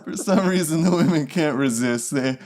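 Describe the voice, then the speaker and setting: A man's voice: on the high side, normal speed, a little mellow. A man trading dry, laughing quips as an improv comedy podcast co-host.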